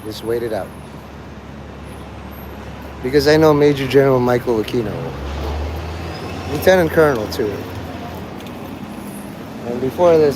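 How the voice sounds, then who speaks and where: A man's voice: mid-range voice, unhurried, long pauses, noisy background. A man vlogging outdoors in a city street, rambling with sardonic asides. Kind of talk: rambling live street vlog.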